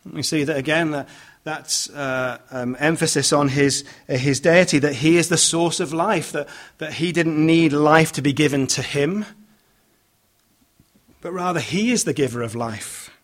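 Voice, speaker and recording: A man with a fairly high voice preaches a sermon, reading scripture aloud and explaining it. He speaks in a measured way, with many "uh" fillers and restarts.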